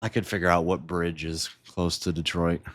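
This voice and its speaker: A man's voice: low-pitched, moderate pace, dry recording. A man chatting casually on a livestream, rambling and chuckling between thoughts. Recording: steady background noise.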